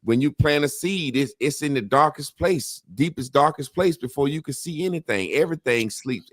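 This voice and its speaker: A man hosting a casual talk show, telling rambling profane stories with animated impressions. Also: on the high side, moderate pace, hardly any pauses, no echo, clean studio sound. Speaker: podcast host. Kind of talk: casual chat.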